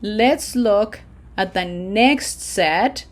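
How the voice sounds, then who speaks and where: A woman teaching a language lesson, modeling words slowly for repetition and checking in with frequent "okay?". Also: medium pitch. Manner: patient, drawn-out model phrases for repetition. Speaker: Spanish teacher. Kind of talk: slow pronunciation lesson.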